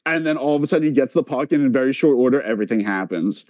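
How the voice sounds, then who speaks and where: A man's voice: medium pitch, very fast, no echo, dull audio. A man on a podcast telling a long story in casual chat, full of filler likes and quoting others as he goes. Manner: animated, many filler likes, quotes others in voices.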